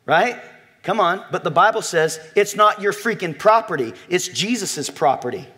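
A man preaching a sermon to a congregation, animated and joking, telling a story and talking directly to his listeners. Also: high voice, normal speed. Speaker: pastor.

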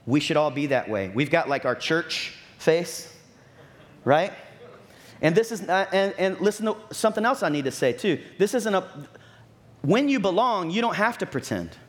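A man with a fairly high voice preaches in a relaxed, conversational way. He leans on his points with emphasis and talks to the room as if to friends. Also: moderate pace. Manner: conversational, emphatic, acts out quoted churchgoers. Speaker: pastor. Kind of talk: sermon.

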